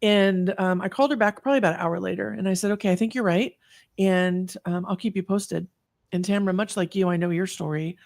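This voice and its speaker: A woman's voice: mid-range voice, steady tone, fairly quick, gravelly, a little mellow, no echo. Earnest woman in her fifties. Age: 50s. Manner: earnest, reflective, frequent fillers and restarts. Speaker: guest. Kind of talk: personal story in an online talk.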